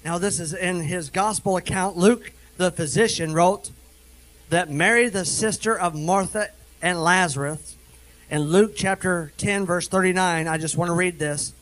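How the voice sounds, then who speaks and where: High-voiced man preaching animatedly. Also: low-quality recording. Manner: animated preaching, swings between quick asides and slow emphatic scripture reading. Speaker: minister. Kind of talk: sermon.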